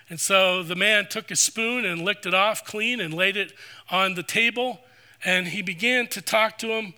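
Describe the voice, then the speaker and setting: Pastor, male, middle-aged: high, very bright sermon delivery, earnest. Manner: earnest, preacherly, slows for scripture. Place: church sanctuary.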